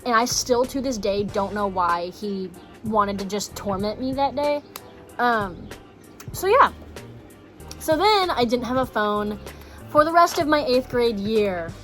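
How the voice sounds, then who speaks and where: A woman's voice: a little high, expressive, unhurried, soft background music. A young woman from Texas telling a personal story in a casual vlog, blunt and swearing, full of "like" fillers. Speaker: vlogger.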